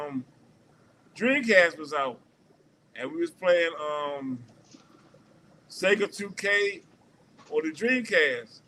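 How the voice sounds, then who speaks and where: A man's voice: fairly high pitch, sharp tone, a little hiss or hum, poor audio. A man hosting a livestream, telling a long profane story in a rambling, casual way with lots of restarts. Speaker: stream host.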